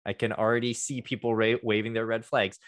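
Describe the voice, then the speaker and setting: Man retelling a story with animated voices. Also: fairly low pitch, fairly quick, no room sound, studio quality. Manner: animated storytelling, acts out quotes. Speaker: podcast co-host; works with fourth graders. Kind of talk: casual discussion.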